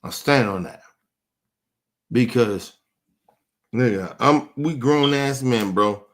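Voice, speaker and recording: A man's voice: mid-range voice, slow. Angry man ranting in street slang. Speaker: podcast host. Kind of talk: heated rant to camera.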